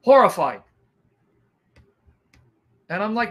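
Animated man with a sharp, bright voice. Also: sits high, unhurried, pauses often. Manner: animated, dramatic, acts out reactions. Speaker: evangelist. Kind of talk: testimony storytelling.

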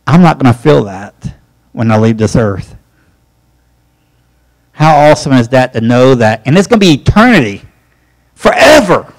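A man's voice: medium pitch, poor audio. A man teaching a church Bible study, folksy and emphatic, rising when he presses a point. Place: church classroom.

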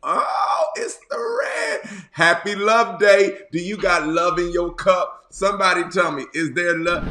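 Male bishop, hoarse, playful with loud outbursts, higher voice, roomy echo. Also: sing-song, slight background noise. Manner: playful, joking, drawn-out repeats and sudden loud bursts. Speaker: bishop and pastor. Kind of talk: casual online sermon.

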